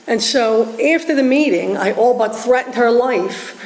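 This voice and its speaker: A woman giving a lively personal testimony at a recovery meeting, acting out the voices of people in her story. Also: a little high, unhurried, background noise. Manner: animated storytelling, acts out voices. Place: meeting hall. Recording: echoey hall recording.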